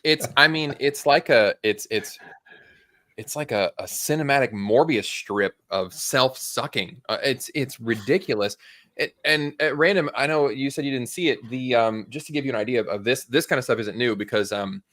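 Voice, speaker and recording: A man's voice: mid-range voice, normal speed, a bit bright. A man on a livestream panel, wry and incredulous, swearing freely in casual chat.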